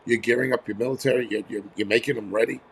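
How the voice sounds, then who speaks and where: A man's voice: medium pitch, fairly even intonation, rapid-fire, creaky, a little hiss or hum. A man hosting a casual livestream, ranting bluntly with a lot of swearing and rambling asides. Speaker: livestream host. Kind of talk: casual angry livestream rant. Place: home near a terrace.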